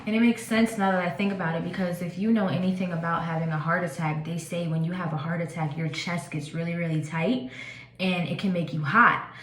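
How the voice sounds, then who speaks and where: Chatty woman in her twenties, lower voice. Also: fairly even intonation, brisk, a bit bright. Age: 20s. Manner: casual, chatty, many fillers. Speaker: vlogger. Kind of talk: personal storytelling vlog. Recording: echoey room.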